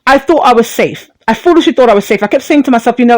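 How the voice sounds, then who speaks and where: A woman's voice: on the high side, lively intonation, very fast, few pauses, no room sound. A woman hosting a talk radio show, delivering an impassioned monologue full of rhetorical questions and blunt profanity.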